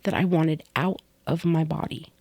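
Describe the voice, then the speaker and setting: Middle-aged woman, gravelly voice, low pitch, candid personal storytelling, dry close sound. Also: fairly even intonation, normal speed, no echo. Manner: candid, soft-spoken, drops to whispers on painful moments. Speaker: podcast co-host.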